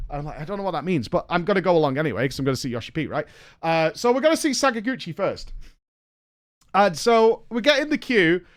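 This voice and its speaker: A man, a streamer telling a story in a casual, animated way, swearing and acting out what people said. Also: high voice. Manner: animated, swearing, acts out quotes.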